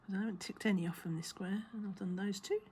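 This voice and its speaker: A woman with a medium-pitched, slightly mellow voice talks fast with fairly even intonation while working on a craft, chatting casually and mumbling or half-whispering to herself. A little hiss or hum is audible. She is a crafting vlogger.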